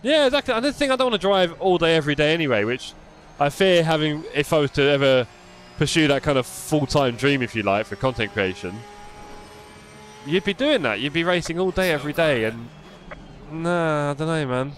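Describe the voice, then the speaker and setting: A man's voice: on the high side, expressive, brisk. Chatty male sim racing streamer. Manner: chatty, answers viewer chat by name, self-deprecating. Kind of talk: casual live-stream chat while racing.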